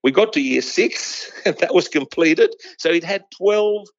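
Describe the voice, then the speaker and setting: Older horse breeder, gravelly and rambling; dry, muffled sound. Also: male voice, a little high, lively intonation, a little slow, dry recording. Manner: rambling, with many restarts. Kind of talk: anecdotal interview storytelling. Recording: dull lo-fi dry recording.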